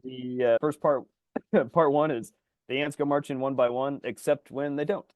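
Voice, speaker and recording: A man co-hosting a podcast in casual chat, rambling and animated, his voice jumping high when he gets excited. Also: moderate pace, no room sound. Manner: rambling, animated storyteller full of fillers. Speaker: podcast co-host.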